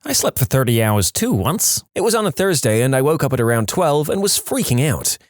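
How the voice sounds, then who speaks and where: A man narrating online stories with a very lively, bouncing delivery, his pitch rising and falling widely. He speaks into a close, dry mic with no room sound at all. The reading is animated, and he acts out the quoted lines in a raised voice. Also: fairly quick, no room sound. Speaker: story narrator.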